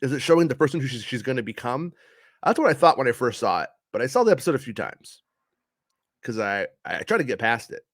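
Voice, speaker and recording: A man's voice: mid-range voice, sing-song, fast talker, dry recording, clean studio sound. A man giving a casual spoken review of a show, frustrated and ranting, swearing often.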